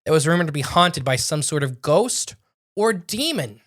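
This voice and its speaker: A man's voice: on the high side, big pitch swings, moderate pace, fairly bright tone. A young man co-hosting a podcast, casually narrating a spooky tale with frequent restarts and self-corrections. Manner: rambling, self-correcting storyteller. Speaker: podcast co-host narrating a story. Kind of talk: casual storytelling chat.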